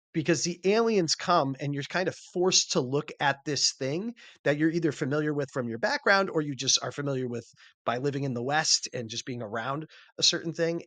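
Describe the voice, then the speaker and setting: A man calmly explaining a story's appeal in casual talk, thinking aloud with small restarts and "kind of" asides. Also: medium pitch, dry recording. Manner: thoughtful, restarts and hedging phrases like "kind of".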